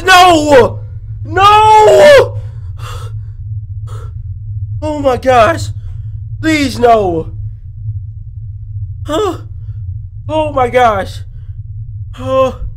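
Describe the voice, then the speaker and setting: A man reacting to a horror game, panicky and pleading, often shouting in fright. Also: high-pitched, slight background noise. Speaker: gaming YouTuber. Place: indoors playing VR.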